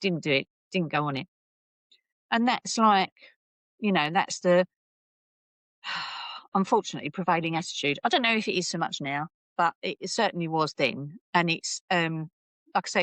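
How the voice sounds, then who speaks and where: A woman in her fifties tells her story candidly, her fairly low voice jumping up when she acts out what others said. She restarts sentences often, and the sound is close and dry with no room around it. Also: normal speed, dry recording. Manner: animated, acts out quoted voices, many restarts. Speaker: podcast guest.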